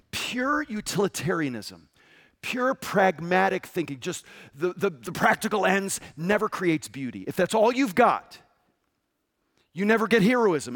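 A man preaching a sermon with passion, jumping from loud outbursts to hushed whispers. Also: high voice. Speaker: pastor.

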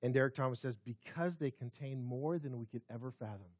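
A man preaching a sermon in a church, swinging from loud emphasis to hushed tones and slowing down to read scripture aloud. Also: mid-range voice, no room sound, clean studio sound. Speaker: pastor.

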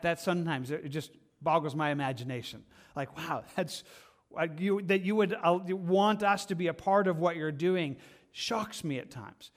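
A man preaching a verse-by-verse sermon from a church stage, earnest and impassioned, often stumbling and restarting as he reaches for words. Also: a little high. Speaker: pastor.

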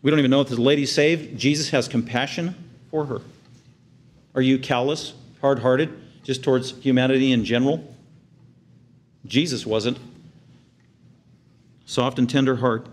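A man preaching a sermon with earnest conviction, dropping to hushed tender lows and rising to loud, excited highs as he acts out the scene. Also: normal speed, long pauses. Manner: acts out the crowd's outraged reactions in a raised voice. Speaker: pastor.

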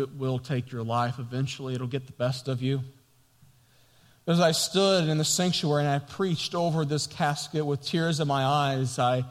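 A man preaching a sermon as a pastor, passionate and building to loud, emphatic peaks. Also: fairly high pitch, long reverb tail. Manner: impassioned preaching, rising loud at key points.

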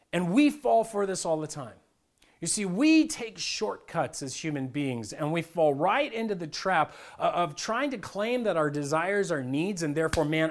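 A male pastor delivers a conversational sermon with a fairly high-pitched voice. He keeps it lively and informal, slipping in acted-out voices as he speaks.

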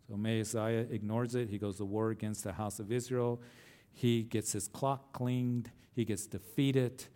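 A man's voice: lowish voice, warm tone. A man pastor teaching a verse-by-verse Bible study, retelling a scripture story in a conversational way and voicing the quoted lines with rising emphasis. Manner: conversational asides and restarts.

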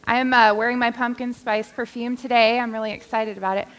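Bright, playful woman preaching a sermon. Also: on the high side, flat delivery, a little fast. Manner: playful, self-deprecating humor. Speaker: guest preacher. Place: church sanctuary.

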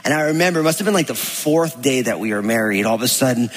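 A pastor from New Jersey giving a sermon, telling stories in a chatty way and acting out quotes. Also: male voice, mid-range voice, lively intonation, fast. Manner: chatty storytelling, acts out quotes. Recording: long hall reverb.

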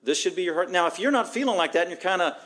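A middle-aged pastor preaching with a voice pitched a touch high. He talks in an emphatic, conversational way and stacks one phrase after another to drive a point home. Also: lively intonation, racing, fairly bright tone. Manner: conversational, breaks into acted quotes. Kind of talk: sermon.

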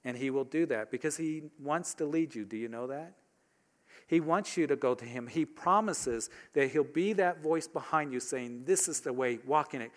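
A man's voice: on the high side, normal speed. A man preaching a sermon as pastor, talking conversationally and asking his congregation rhetorical questions.

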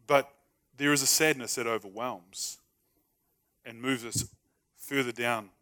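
A man's voice: medium pitch, steady tone, a little slow, pushed and bright, smooth. A man preaching a sermon in a conversational, humorous way, acting out short everyday dialogues. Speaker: pastor.

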